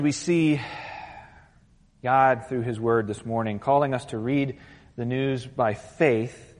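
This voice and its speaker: A man's voice: medium pitch, slow, pauses often. A man preaching a sermon as pastor, earnest and building to urgent intensity, after an opening prayer. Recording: long hall reverb.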